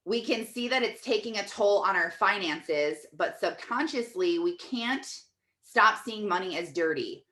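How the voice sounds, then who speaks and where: A woman in her thirties coaching in a chatty, casual teaching talk, animated storytelling full of fillers. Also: medium pitch. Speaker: life coach.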